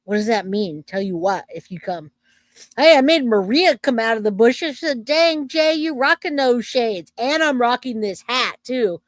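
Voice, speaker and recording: A woman's voice: fairly high pitch, expressive, normal speed, dry recording. Dry-voiced chatty livestream woman. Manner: loose and chatty, self-interrupting, laughs easily. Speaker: true crime livestream host. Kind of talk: casual livestream chat, reading comments aloud.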